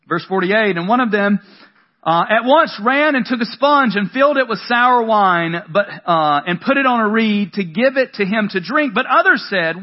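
High-voiced man preaching, lo-fi sound. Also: lively intonation, moderate pace. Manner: conversational preaching with dramatic emphasis. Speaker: pastor. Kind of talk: sermon. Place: room with a congregation. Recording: dull lo-fi sound.

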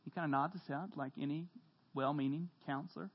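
A man preaching a sermon to a congregation as pastor, telling stories with humor and lively emphasis. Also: a little high, fairly quick, pauses often, husky, dull audio. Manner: animated storytelling, jokes with the congregation, shouts when quoting. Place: church hall.

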